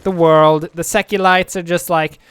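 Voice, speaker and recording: A man's voice: fairly high pitch, level tone, normal speed, fairly bright tone, smooth, no echo, clean studio sound. A young man casually commentating his gameplay, rambling and joking, muttering asides to himself at a home desk microphone. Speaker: let's play host.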